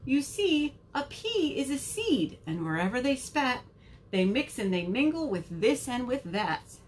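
A woman's voice: sits high, very animated, unhurried, a little hiss or hum. A woman voicing a cheerful, squirmy worm storyteller in a picture book read-aloud, with a bouncy, chummy manner. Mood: playful.

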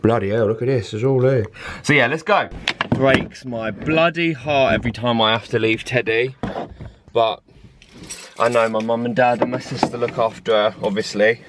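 A young man chatting excitedly to camera in a casual vlog, self-mocking and talkative. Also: mid-range voice, moderate pace, noisy background. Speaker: vlogger. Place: in a car and out and about.

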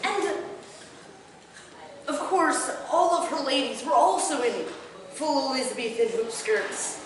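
High-voiced woman telling a tale in a hall. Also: measured pace, noisy background. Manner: laughs through her own story; acts out characters' lines in bursts. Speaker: bard at a gathering. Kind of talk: live comic storytelling. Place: large hall at a live event. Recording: echoey hall from far off with audience. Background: audience murmur and laughter.

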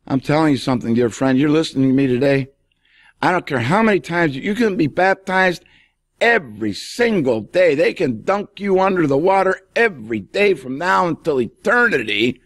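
A man's voice: a little high, lively intonation, normal speed, dry recording, studio quality. A male pastor preaching an emphatic radio sermon and speaking straight to the listener.

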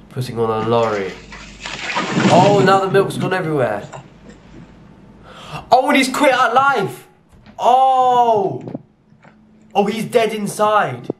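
A man's voice: mid-range voice, noisy background. A young British man giving casual, jokey reaction commentary, with sudden exclamations. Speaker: YouTuber reacting to clips.

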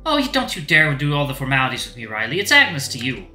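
A man voicing a warm, doting older furry mother figure who speaks with a thick, warm accent. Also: medium pitch, huge pitch swings, fast, reverberant, faint music behind, full character voice. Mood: fussing, affectionate.

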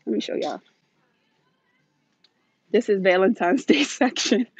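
Streaming from a big store on a phone she carries while walking, this US shopping vlogger chats loosely, drifts between topics, and laughs a lot. She speaks unhurriedly in a mid-range, darkish voice with a breathy edge and frequent pauses, captured as dry, dull phone audio.

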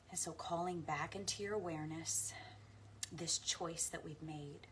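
A woman coach guiding listeners through a slow, soft meditation and spoken affirmations. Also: sits low, steady tone, a little hiss or hum. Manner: laughs into her words when playful. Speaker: spiritual coach. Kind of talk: guided meditation and affirmation practice. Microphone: talking to camera.

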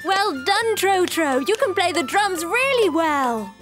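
A woman voicing a gentle, patient donkey mother who talks in a soothing, reassuring way. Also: very high-pitched, big pitch swings, slow, heavily acted. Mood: praising. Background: children's music.

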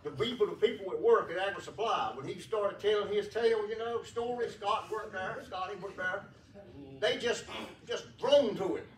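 A man delivers a funeral eulogy in a church, drifting from one fond story to the next with plenty of fillers and chuckles. His voice sits a little high and sounds distant from the microphone. The big room echoes around him over a faint hum. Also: moderate pace. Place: church sanctuary.

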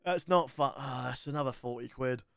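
A man's voice: mid-range voice, moderate pace, vocal fry, fairly bright tone, soft background music. A man hosting a reaction video, chatting casually and poking fun at himself as he talks to his viewers. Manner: chatty, self-mocking, lots of restarts.

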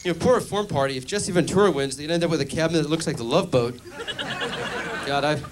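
Man on a club stage doing stand-up, slightly high-pitched, dry deadpan timing; live room noise underneath. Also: fast talker. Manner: deadpan joke delivery with mock phone-call bits. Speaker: stand-up comedian. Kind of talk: stand-up comedy routine.

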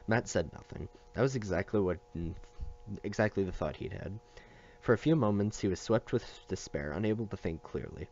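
A man with a low voice reads a novel aloud at a steady pace, stumbling and restarting now and then. The recording is muffled and lo-fi. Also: fairly quick, slight background noise. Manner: steady reading with occasional slips and restarts. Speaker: reader.

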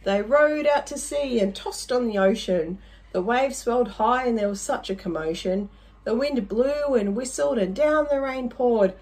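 A woman's voice: on the high side, measured pace, a little mellow, low-quality recording. A woman reading a rhyming children's story aloud, playful, with little asides to the listener.

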